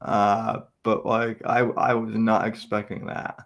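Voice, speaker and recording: A man's voice: lowish voice, flat delivery, slow, gravelly, a bit bright. Hesitant, stammering man. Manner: hesitant, stammering, many restarts. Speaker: podcast co-host. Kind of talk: casual podcast banter.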